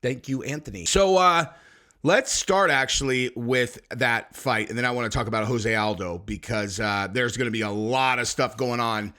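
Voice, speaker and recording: Man, young adult, excitable, rambling, slangy, casual fight recap host, mid-pitched voice. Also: moderate pace. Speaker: MMA commentary host.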